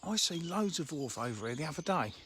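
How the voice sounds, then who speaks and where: A fishery owner chats casually on a live stream from a handheld phone by a fishing lake, laughing as he answers viewers' comments. His voice is a little high, brisk, pushed and bright, with big pitch swings. Faint outdoor noise and birdsong sit in the background.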